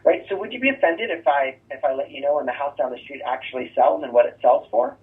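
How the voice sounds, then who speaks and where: A man's voice: on the high side, expressive, quick pace. Man coaching sales scripts, tinny distant sound. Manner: coaching, rhetorical "right?" asides. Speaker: real estate trainer. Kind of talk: sales training talk. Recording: thin phone-like distant sound.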